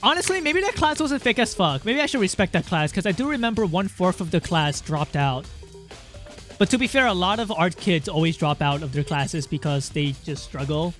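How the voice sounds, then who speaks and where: A man's voice: high voice, animated, a little fast, a bit bright, soft background music. A young man streaming a game in casual chat, rambling, swearing and reading game lines aloud.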